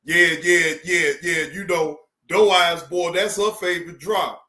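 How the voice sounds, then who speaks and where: A man talks slowly and loosely to his stream audience, swearing freely and shouting out viewers by name. His voice is bright and a little high for a man. The room around him rings with echo. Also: steady tone. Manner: profane, laughing, shouts out viewers. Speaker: streamer reacting to videos. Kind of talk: casual live-stream chat.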